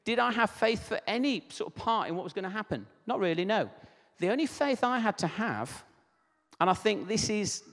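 Preacher, fairly high voice, chatty testimony, echoey church hall. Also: male voice, big pitch swings, normal speed, fairly bright tone. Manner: conversational storytelling with asides. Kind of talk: sermon.

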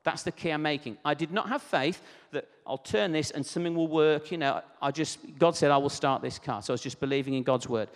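Preacher, fairly high voice, chatty testimony, echoey church hall. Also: male voice, fairly quick, few pauses. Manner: conversational storytelling with asides. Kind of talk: sermon.

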